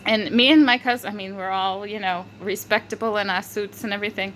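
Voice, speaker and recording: Giggly rambling woman vlogger, bright tone. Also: mid-range voice, steady tone, a little fast, hardly any pauses, slight background noise, rough recording. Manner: rambling, breaks into frequent giggles; filler-heavy, restarts often. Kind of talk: casual rambling monologue.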